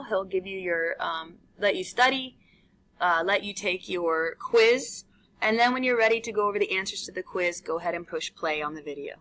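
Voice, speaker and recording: A woman's voice: medium pitch, bright, forceful tone, low-quality recording. A woman teacher recording chatty, teasing instructions for her class while a substitute runs the room. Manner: chatty and teasing, with many fillers.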